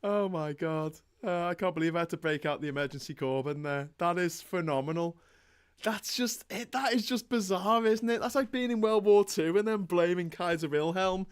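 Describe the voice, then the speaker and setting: A man with a fairly high voice co-hosts a relaxed live stream. He jokes around, laughs easily and reads viewer messages aloud in a casual, chatty way. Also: normal speed, smooth. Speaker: co-host reading viewer comments.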